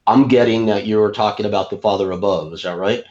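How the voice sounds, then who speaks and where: A man hosting an interview, speaking in a casual, halting way with frequent stammers and restarts. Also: lowish voice, steady tone, a little mellow, lo-fi sound. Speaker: interviewer, podcast host.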